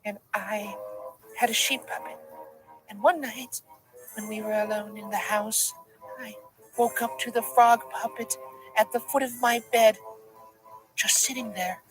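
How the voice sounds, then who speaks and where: A man's voice: extremely high pitch, measured pace, music in the background, pitched above the performer's own voice, rough recording. A man voicing a timid little lady who tells a creepy childhood story around a backyard campfire. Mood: spooky. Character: timid little lady telling a spooky tale.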